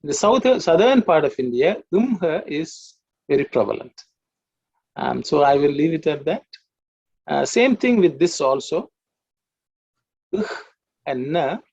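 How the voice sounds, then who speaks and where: A man's voice: fairly high pitch, very animated, normal speed, creaky, darkish tone, breathy edge, muffled recording. A man teaching an online Sanskrit class, explaining patiently with many fillers and restarts.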